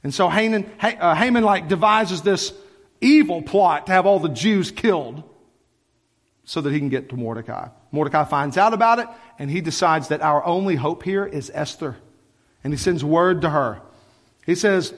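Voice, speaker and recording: A middle-aged male pastor preaching a sermon in a church, telling stories with lively, conversational asides. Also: fairly high pitch, moderate pace, in a large hall. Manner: animated, conversational storytelling with asides. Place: church sanctuary.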